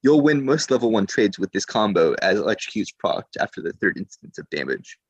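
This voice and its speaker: A man with a somewhat low voice talks through game tactics in a loose, explanatory way, pausing to rephrase as he goes. The sound is dry and close. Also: sing-song, breathy edge, no room sound, dull audio. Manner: explanatory, with fillers and restarts. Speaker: podcast co-host. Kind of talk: casual gaming strategy talk.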